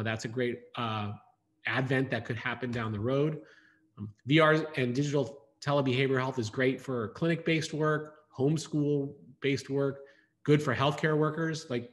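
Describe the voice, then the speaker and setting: A man giving a conference talk over slides, explaining at length and often pausing with ums and restarts. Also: mid-range voice. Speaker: conference presenter.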